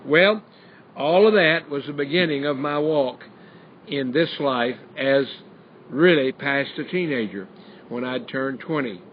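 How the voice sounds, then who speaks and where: A man's voice: mid-range voice, unhurried. An older man from the South, telling his personal testimony as a radio show host and preacher, acting out the voices he quotes. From American South. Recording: dull lo-fi stream with faint hiss.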